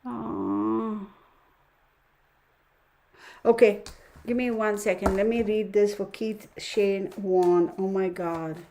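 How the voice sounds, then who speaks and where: A woman's voice: medium pitch, fairly even intonation, slow pace, creaky, long pauses, dark tone. A woman hosts a casual tarot livestream and talks straight to her viewers. She sighs often and mutters her counting under her breath. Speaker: tarot reader livestream host.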